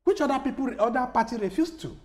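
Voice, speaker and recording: A man's voice: very high-pitched, animated, quick pace. A man from Nigeria with a Nigerian accent, a guest on a TV panel, speaking emphatically, repeating words as he searches for them and checking in with "Okay?". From Enugu, Nigeria. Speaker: studio guest. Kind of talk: TV panel discussion.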